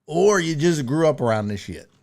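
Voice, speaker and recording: Male stream host, casual and profane, lively pitch swings. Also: moderate pace, gravelly. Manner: profane, laughing, animated riffing. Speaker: sports talk show host reading chat. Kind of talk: casual live-stream chat.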